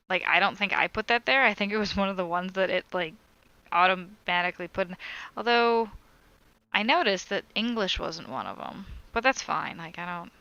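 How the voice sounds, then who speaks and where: A woman's voice: mid-range voice, sharp tone, clean tone, no echo, dull audio. A woman on a crochet live stream, chatting casually as she reads viewer comments aloud and answers them.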